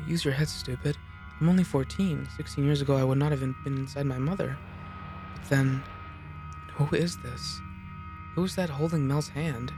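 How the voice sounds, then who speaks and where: A man's voice: mid-range voice, natural voice. A man voicing a frightened fourteen-year-old noble girl, anxious and scolding herself.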